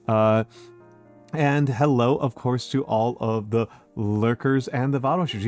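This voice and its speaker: A man in mid pitch chats casually on a live stream, reading out his viewers' messages and greeting them one by one. He repeats short phrases again and again. Faint music plays behind him. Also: a little mellow. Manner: reads out viewer messages and greets each viewer by name. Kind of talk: casual chat with a live audience.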